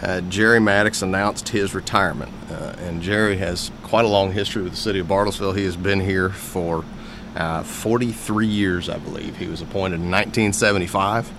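A man, a city official chatting on local radio, halting with many fillers and quick to laugh. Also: low voice, fairly even intonation, noisy background. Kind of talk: casual radio chat.

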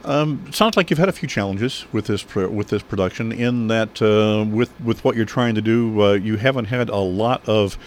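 Lower-voiced male interview host. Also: slight background noise. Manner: measured, hesitant, full of fillers. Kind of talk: conversational interview.

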